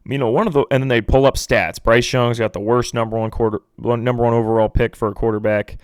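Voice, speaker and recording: A young man hosting a casual solo sports podcast, rambling and animated, sometimes mocking pundits in impressions. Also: mid-range voice, fast talker, few pauses, no room sound, clean studio sound. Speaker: podcast host.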